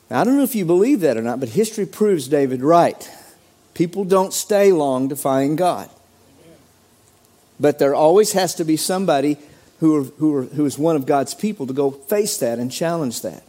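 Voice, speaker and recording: Pastor guy preaching, kinda high voice, does little voices for the people he quotes. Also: normal speed. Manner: animated preaching, acts out quoted voices with sudden pitch jumps. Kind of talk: sermon.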